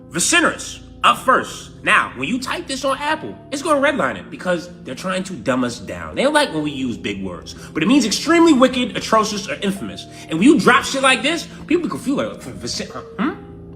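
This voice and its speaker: A man with a New York accent giving a brash, profane mock vocabulary lesson. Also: high voice. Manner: brash, profane, animated delivery. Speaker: comedic vocabulary teacher.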